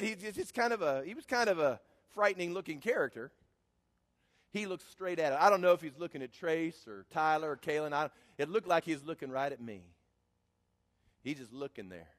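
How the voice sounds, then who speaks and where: A man's voice: a little high, a bit bright, in a large hall. A man telling a personal story in a sermon as a preacher, building to emphatic preaching.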